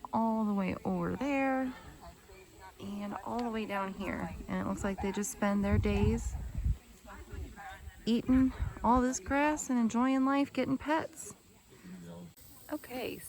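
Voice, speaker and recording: A young woman vlogging at an outdoor farm sanctuary, chatty and excitable, cooing at the animals. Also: fairly high pitch, creaky. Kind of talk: casual vlog narration.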